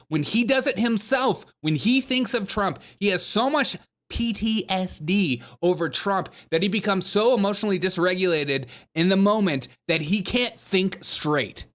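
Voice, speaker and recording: A man's voice: high-pitched, a bit bright. A man hosting a comedy news commentary show, talking sarcastically and mocking the people he discusses. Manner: sarcastic, mocking, puts on whiny quoted voices.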